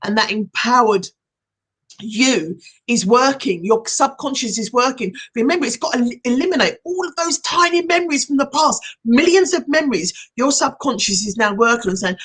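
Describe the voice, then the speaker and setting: Middle-aged woman hypnotherapist on a livestream, upbeat and encouraging, fairly high voice. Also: normal speed, breathy edge. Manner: encouraging, animated, reads viewer comments aloud. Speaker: hypnotherapist hosting a live session. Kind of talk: casual live-stream chat.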